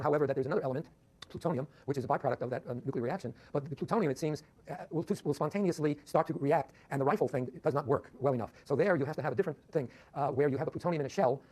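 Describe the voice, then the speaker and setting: Fast-talking husky male physics lecturer. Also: mid-range voice, a little mellow. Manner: rambling, many restarts, chuckles at asides. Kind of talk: university lecture. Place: lecture hall.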